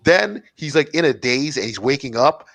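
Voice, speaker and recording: A man's voice: mid-range voice, moderate pace, gravelly. A man co-hosting a casual comedy podcast, retelling movie scenes with lots of restarts. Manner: animated storytelling, stumbling restarts. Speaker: podcast co-host.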